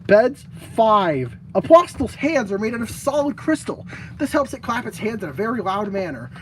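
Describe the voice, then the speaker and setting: A woman's voice: on the high side, very animated, normal speed, a little hiss or hum, low-quality recording. A young woman casually reading out her fan-game designs to a friend, stumbling and laughing at her own ideas. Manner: giggly, stumbling and self-mocking.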